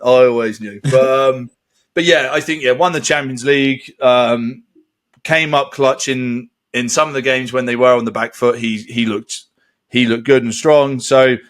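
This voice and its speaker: A man's voice: medium pitch, fairly even intonation, a little slow, a bit bright. A man co-hosting a casual podcast chat, swearing freely, laughing often and slipping into mock voices. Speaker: podcast co-host.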